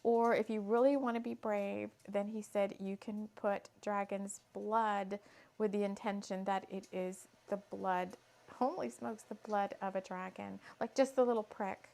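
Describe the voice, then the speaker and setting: A woman's voice: mid-range voice, fairly even intonation, a little slow, gravelly, darkish tone. A woman hosting a casual spiritual craft session, chatty and giggling often as she repeats her ingredient list aloud. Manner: giggly, laughs often mid-sentence. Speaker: host.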